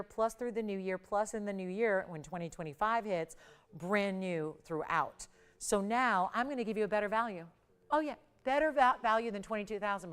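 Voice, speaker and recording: Smooth-voiced woman hosting a jewelry sale. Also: mid-range voice. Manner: chatty, enthusiastic sales patter with playful price build-ups. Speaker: shopping channel host. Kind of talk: live TV jewelry selling.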